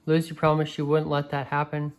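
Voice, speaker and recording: A woman with a low voice reads a picture book aloud to a child. Her reading is gentle and expressive, and she stumbles and restarts now and then. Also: a little fast, low-quality recording. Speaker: reader.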